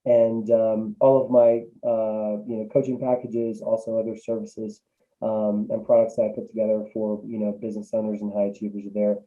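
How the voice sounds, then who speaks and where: A man's voice: lowish voice, level tone, normal speed, phone-quality sound. A man, a business coach guest, talking casually with many fillers and restarts over a remote call. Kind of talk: casual interview answers.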